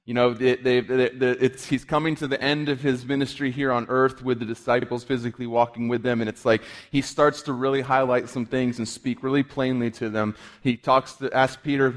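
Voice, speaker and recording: A man preaching a conversational sermon as pastor, with frequent halting restarts, moving into prayer. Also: mid-range voice, steady tone, in a large hall.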